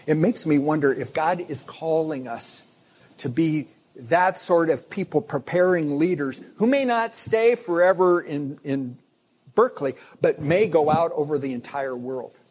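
A man's voice: a little high, darkish tone, breathy edge. A man preaching a sermon in a conversational storytelling way, often restarting phrases as he goes. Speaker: pastor.

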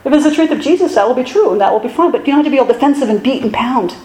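A woman pastor giving a sermon in a conversational, self-deprecating way with animated asides. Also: high-pitched, very fast, echoey room, rough recording.

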